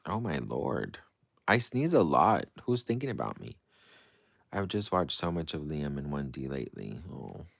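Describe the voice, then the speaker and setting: Deep, animated man chatting on a livestream. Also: normal speed, vocal fry, dry recording, studio quality. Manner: playful and dramatic, swings between breezy and gushing. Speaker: livestream host. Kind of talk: casual livestream chat reading comments.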